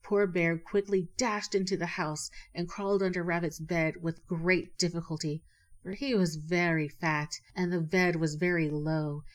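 Storybook narrator, woman, a bit low, gentle even read. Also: measured pace.

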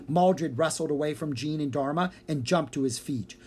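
A narrator reading a children's fantasy book aloud with steady storytelling. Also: mid-range voice, moderate pace, few pauses, slightly rough. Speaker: audiobook narrator.

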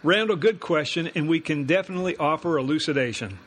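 A man's voice: on the high side, quick pace, fairly bright tone. Easygoing man co-hosting a radio show. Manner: easygoing, laughs often. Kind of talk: scripted comedy banter.

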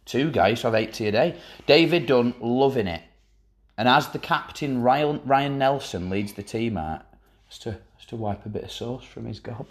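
A man's voice: medium pitch, normal speed. Teasing, sardonic man in casual banter. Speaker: podcast co-host. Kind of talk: casual chat.

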